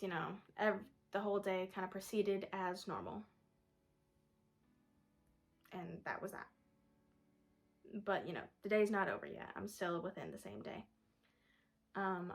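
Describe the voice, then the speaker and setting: Young adult woman vlogger, gravelly fry, loose chatty storytelling that sometimes goes near-whisper. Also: mid-range voice. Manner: casual, rambling, many "like" fillers, drops to a hush at times. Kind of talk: personal storytelling to camera.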